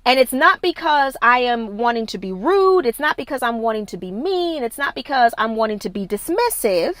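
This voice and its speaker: A high-pitched woman speaks as a wellness coach on a live stream, recorded close on her phone. The sound is dry and intimate, with no echo from the room. She talks in an emphatic, preachy way and repeats herself to drive each point home. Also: sing-song, moderate pace, a bit bright. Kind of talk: live-streamed motivational talk.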